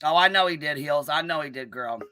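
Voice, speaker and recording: A woman hosting a live stream, ranting and calling people out in a combative, profanity-heavy way, with a notably low, bass-heavy voice. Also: a little fast, pushed and bright. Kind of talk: live-stream commentary rant.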